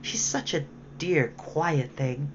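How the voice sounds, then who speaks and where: A woman's voice: low voice, slow pace. A woman voicing a polite, curious young girl who talks eagerly and apologizes often, for a read-aloud storybook. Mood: soothing. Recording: dull lo-fi with faint hiss.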